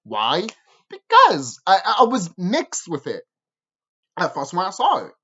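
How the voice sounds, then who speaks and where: A woman's voice: on the low side, a little slow, husky, highs cut off. A woman ranting in a review vlog, swearing freely, with lots of fillers and restarts. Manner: animated, profane ranting with many fillers and restarts. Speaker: show reviewer.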